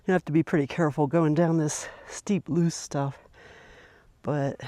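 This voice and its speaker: A woman's voice: deep voice, unhurried, warm tone, dry recording. A middle-aged woman vlogging as she hikes a mountain trail outdoors, talking casually and rambling, with many fillers and restarts. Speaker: hiking vlogger. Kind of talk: casual narration while hiking.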